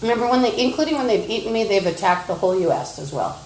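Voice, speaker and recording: Woman ranting angrily at her phone, insulting and accusing, mid-pitched voice, echoey room. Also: animated, fast, darkish tone, a little hiss or hum. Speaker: livestreamer. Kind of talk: rambling livestream rant.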